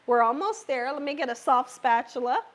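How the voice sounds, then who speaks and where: High-voiced woman with a scratchy voice. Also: lively intonation, normal speed. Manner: chatty, reassuring, keeps checking in with viewers. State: hoarse, scratchy voice. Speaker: cooking channel host. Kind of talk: live cooking demonstration. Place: home kitchen.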